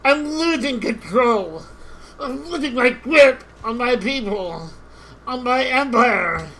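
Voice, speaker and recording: A woman playing a strategy game live, exasperated, repeating herself and shouting at units on screen. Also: on the high side, lively intonation, slow, poor audio. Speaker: gamer.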